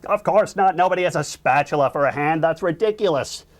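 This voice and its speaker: A sardonic grown male cartoon squid, put on by a man acting out a storyboard pitch, pitched a little above the man's own voice. He spins a spooky tale, then waves it away with dry disdain. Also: brisk, lightly acted. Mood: dismissive.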